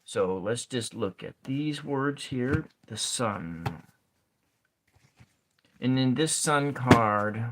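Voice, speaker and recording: A man speaking at an extremely slow, unhurried pace in a soft ASMR lesson, his pitch sitting in an ordinary middle range. He thinks aloud at his writing desk, counting syllables and spelling words letter by letter. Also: background noise. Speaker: ASMR poetry teacher. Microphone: camera set over his desk.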